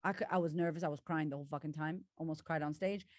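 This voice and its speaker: Woman coach, outspoken and expressive, frequent swearing, dry recording. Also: sits low, quick pace, no echo. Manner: swears freely, emphatic and expressive storytelling. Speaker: guest, confidence coach. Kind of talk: candid casual conversation.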